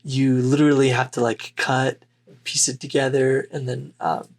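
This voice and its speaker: A man's voice: mid-range voice, flat delivery. A man co-hosting a podcast, rambling casually with lots of fillers. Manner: rambling, unhurried, many fillers. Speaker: podcast co-host. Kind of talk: casual chat.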